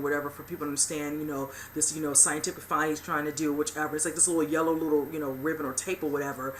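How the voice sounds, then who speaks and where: Low-voiced woman rambling through a recap. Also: little pitch movement, racing, few pauses, a little hiss or hum. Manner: rambling retelling full of "you know" and "whichever". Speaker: host of a TV recap channel. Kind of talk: casual episode recap.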